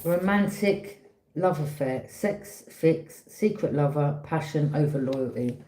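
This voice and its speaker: A woman giving a casual, chatty tarot reading, often checking in with a quick "yeah?". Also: sits low, lively intonation, warm tone. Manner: chatty, repeats herself, frequent "yeah?" check-ins. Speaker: tarot reader. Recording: roomy echo.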